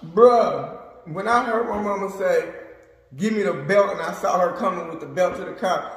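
A man in his thirties with a high-pitched voice tells a funny story at normal speed in a casual chat. He's animated, laughs a lot and acts out the voices of people he quotes, in a very echoey room.

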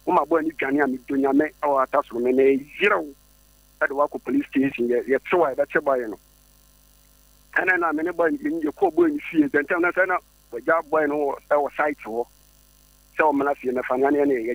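A man calling into a radio show, telling a personal story with excited stammering and sudden high jumps in his voice. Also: gravelly, no room sound, rough recording.

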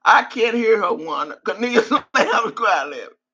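A woman's voice: medium pitch, animated, a little slow, sharp tone, breathy edge. An older woman on a live stream, cursing and trash-talking while she reads out viewer names. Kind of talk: profane live-stream rant.

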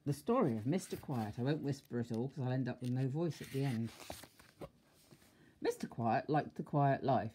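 A woman's voice: very deep voice, moderate pace, a little hiss or hum. Older woman reading a bedtime story. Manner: expressive, with asides to the child. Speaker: grandmother reading aloud.

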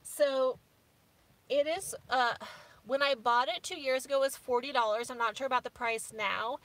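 A woman's voice: sits high, normal speed, fairly bright tone, no echo. A woman hosting a casual livestream from her minivan, chatty and openly emotional. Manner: chatty, emotional, laughing through tears. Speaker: vlogger host. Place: inside a minivan.

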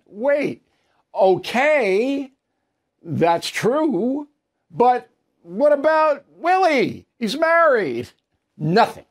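A man hosting a political commentary show, speaking in a blunt, sarcastic and emphatic way. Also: a little high. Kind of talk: opinionated solo commentary.

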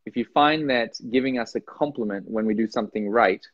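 A man from Norway, a podcast guest talking casually and animatedly, acting out voices with big pitch jumps. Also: brisk, no echo, muffled recording. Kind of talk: casual conversation.

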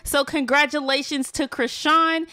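A woman hosting a celebrity gossip channel, reading a measured, matter-of-fact recap. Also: high-pitched, steady tone, bright, forceful tone, no echo. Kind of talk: scripted gossip recap narration.

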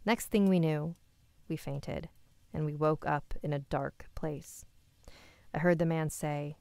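A woman reading a listener's scary story aloud, with quick asides of her own. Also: low voice, a little mellow, no echo.

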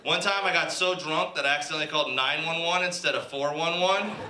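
A man performing a stand-up comedy set in a comedy club, telling animated stories and slipping into put-on voices. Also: a little high, fast talker. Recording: echoey club with crowd noise.

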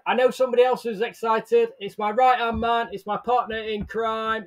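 A man's voice: high voice, level tone, normal speed, hardly any pauses. A man hosting a casual live stream, upbeat, greeting viewers by name and laughing often. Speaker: livestream host. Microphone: headset or earbuds with desk mic.

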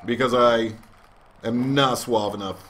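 A man's voice: mid-range voice, fairly even intonation, unhurried, fairly bright tone, slight background noise. A man commentating a wrestling video game as a let's play host, joking in a mock announcer way. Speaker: gaming channel host.

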